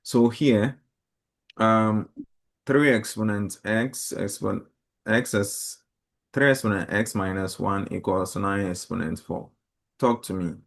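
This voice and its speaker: A man's voice: fairly low pitch, takes it slowly, vocal fry. Man teaching a class math lesson. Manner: asks the class questions, explains step by step.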